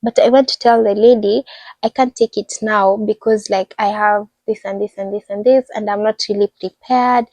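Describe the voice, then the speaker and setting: A young woman with a Kenyan accent telling stories in a casual vlog, animated and acting out the people she describes. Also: medium pitch, moderate pace, dry recording, poor audio. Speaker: international student vlogger.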